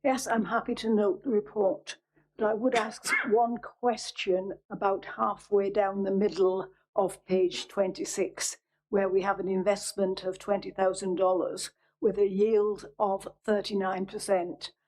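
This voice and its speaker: A woman's voice: mid-range voice, level tone, a little slow, a little mellow, rough recording. Precise councilwoman. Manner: precise, questioning. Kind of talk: council meeting query.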